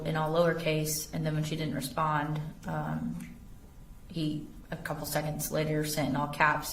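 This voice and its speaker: An investigator testifying as a witness, a woman with a deep, low voice, reads text messages aloud in a steady, measured, factual way. She's recorded from a distance in an echoing courtroom with a faint background hum.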